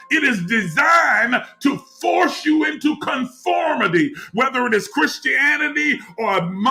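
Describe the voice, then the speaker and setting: A man teaching on the spiritual life in a preaching cadence, repeating phrases and rising to shouts. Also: very high-pitched, creaky.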